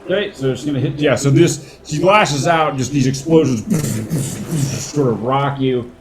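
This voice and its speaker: A man running a tabletop game as dungeon master, unhurried and chuckling as he thinks aloud between dice rolls. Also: mid-range voice, background noise.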